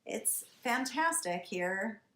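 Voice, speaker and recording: Slow, wry woman ranting in an echoey cellar. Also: fairly high pitch, animated, noisy background. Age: 30s. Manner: wry, emphatic, exasperated ranting. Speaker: wine show host. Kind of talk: casual comic monologue to camera. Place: basement wine cellar with a space heater. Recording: roomy echo.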